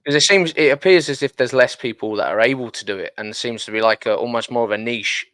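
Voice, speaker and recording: A man's voice: mid-range voice, quick pace, a bit bright, no room sound. A man from England, hosting a podcast and chatting casually, with lots of restarts. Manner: rambling, stumbles and restarts often. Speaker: podcast host. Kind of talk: casual interview chat.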